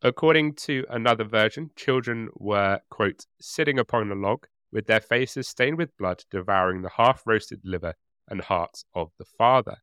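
A man's voice: on the low side, normal speed, fairly bright tone, clear, resonant tone, no echo, studio quality. A man co-hosting a casual history podcast, reading grisly quotes aloud and often breaking into giggles. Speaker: podcast co-host and storyteller.

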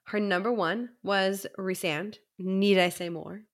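A woman's voice: medium pitch, fairly even intonation, slow pace. A woman co-hosting a casual book podcast, chatting animatedly and reading listener messages aloud. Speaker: podcast co-host.

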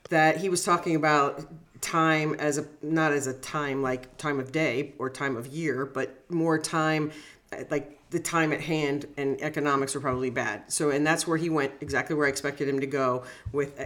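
Middle-aged female coach, lively and chatty, acts out examples. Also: low voice, moderate pace. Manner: animated, laughs easily, acts out examples. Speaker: negotiation coach. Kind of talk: casual podcast chat.

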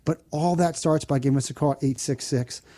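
Mellow-voiced radio money host. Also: male voice, on the high side. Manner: earnest, explanatory, repeats phone number slowly. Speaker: financial advisor and radio show host. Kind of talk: radio talk show advice.

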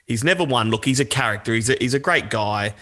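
A laid-back man explains things during podcast banter. His bright, sharp voice sits at an ordinary pitch. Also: expressive, fast.

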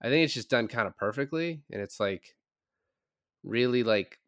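A man in an easy, animated movie-review chat on a podcast. His pitch sits in the middle range, and he swears freely and laughs often. The recording is close and dry. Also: normal speed, dry recording. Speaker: podcast co-host.

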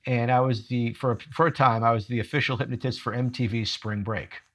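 A middle-aged man who coaches leaders tells stories in conversation with lively energy and laughs at his own jokes. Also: medium pitch, a little fast. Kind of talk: storytelling conversation.

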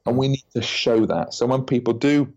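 A man's voice: medium pitch, moderate pace. A man, a podcast guest chatting casually and acting out quoted voices as he tells stories. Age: 40s. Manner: animated storyteller, acts out quoted voices. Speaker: podcast guest, branding consultant. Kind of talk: casual interview chat. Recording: dull lo-fi audio.

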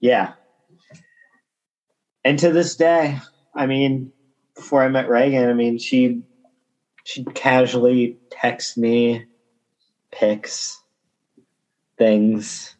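Young man, casual podcast chat, storytelling, mid-pitched, voices quotes higher. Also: steady tone, very slow, long pauses, darkish tone, rough recording.

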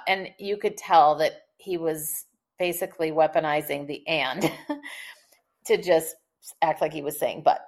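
A woman communication expert, a podcast guest, who explains tips in a lively, chatty way and laughs often. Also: low voice, measured pace. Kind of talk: conversational podcast interview.

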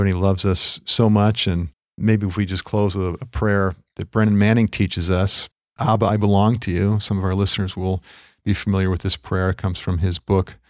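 A middle-aged man co-hosting a Christian podcast, talking in a gentle, measured, pastoral way. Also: deep voice, dry recording, clean studio sound. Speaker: podcast co-host. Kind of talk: reflective Christian podcast conversation.

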